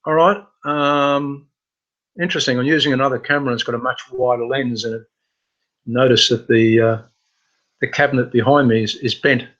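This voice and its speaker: This casual live webinar on computer training is led by a man with a medium-pitched, fairly bright voice and fairly even intonation. His speech is halting, full of fillers and restarts, and the recording is muffled.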